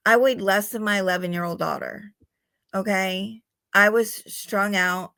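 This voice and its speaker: A woman's voice: mid-range voice, moderate pace, creaky, sharp tone, dry recording, clean studio sound. A middle-aged woman talking candidly as a podcast guest, blunt and swearing freely, sometimes laughing at herself. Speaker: guest in recovery. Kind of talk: candid conversational storytelling.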